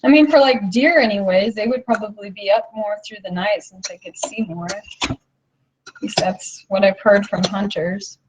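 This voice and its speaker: A woman's voice: medium pitch, normal speed, highs cut off, a crowd in the background. A young woman in casual chat, talking loosely with lots of "like" and easy laughter. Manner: chatty, full of "like", laughs often.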